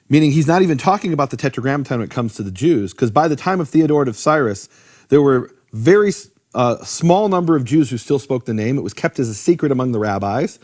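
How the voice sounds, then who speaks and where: A man teaching in a conversational lecture about biblical names, animated, posing rhetorical questions and often restarting his sentences. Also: mid-range voice. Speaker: Bible teacher explaining Hebrew names.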